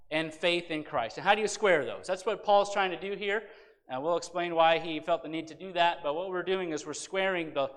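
A man's voice: fairly high pitch, animated, moderate pace, a bit bright, long reverb tail. A man teaching a Sunday school Bible lesson, reading scripture emphatically and asking rhetorical questions.

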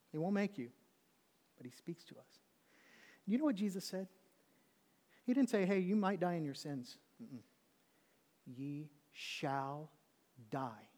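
A man preaching a sermon as a pastor, dropping to hushed intensity between loud, pleading acted quotes. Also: on the high side.

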